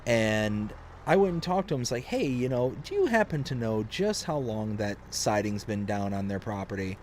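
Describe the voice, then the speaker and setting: A young man casually telling a long story on a game live stream, rambling and animated, with lots of fillers. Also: lowish voice, normal speed, a little hiss or hum.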